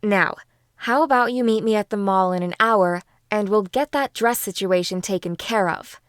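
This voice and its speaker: A woman reading the lines of a bossy, sassy teenage best friend in an audiobook, brisk and teasing. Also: medium pitch, dry recording, clean studio sound, natural voice.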